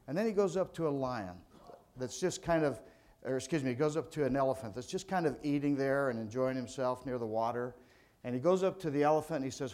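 A man's voice: medium pitch, expressive, fast talker, a little mellow. An older man from California, an insurance agent giving a motivational speech to a sales audience in a folksy, conversational storytelling manner.

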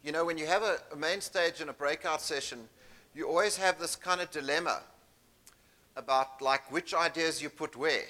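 A man with a South African accent speaks to a conference audience in a breakout session. His voice is bright and sits a little high, and he tells stories in a chatty, self-deprecating way. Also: normal speed. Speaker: keynote speaker.

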